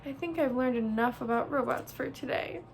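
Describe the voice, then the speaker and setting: A woman voicing a small young male gosling in a storybook reading, with a high, small childlike voice. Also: moderate pace, gravelly, a little hiss or hum.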